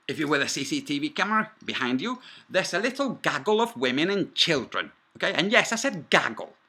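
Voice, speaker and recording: Forceful profane man ranting. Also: a little high. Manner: combative, profane, rambling asides. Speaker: vlogger. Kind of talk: angry first-person storytelling.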